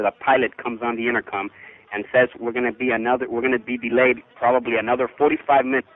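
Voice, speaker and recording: A man phones a talk show and rambles through a complaint story. His voice is plain and mid-pitched. The line sounds thin and phone-like. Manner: chatty, aggrieved storyteller. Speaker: caller. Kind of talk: telling a story on a call-in show.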